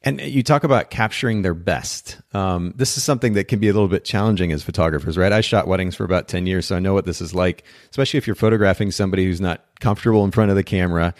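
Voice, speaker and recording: A man's voice: deep voice, fast talker, few pauses, dry recording, clean studio sound. A middle-aged man hosting a podcast interview in a chatty, upbeat way, often restarting his phrases. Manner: upbeat, chatty, self-correcting. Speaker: podcast host.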